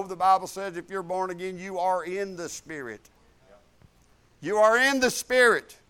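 A preacher with an unusually high, smooth, resonant voice. He talks folksy and informal, telling stories from the pulpit, then builds to loud, emphatic declarations.

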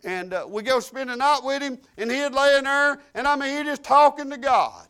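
An older man with a drawl preaching, his voice sitting unusually high for a man. He spins homespun stories, dropping into quiet asides and then rising into loud, emphatic declarations. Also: lively intonation, a little fast, few pauses, clear, resonant tone. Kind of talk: sermon.

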